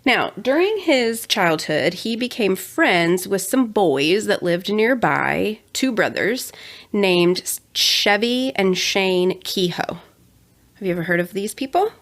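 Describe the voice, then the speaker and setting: A woman's voice: medium pitch, animated, slow. A young adult woman co-hosting a casual true-crime podcast, chatty with sarcastic asides. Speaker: podcast co-host.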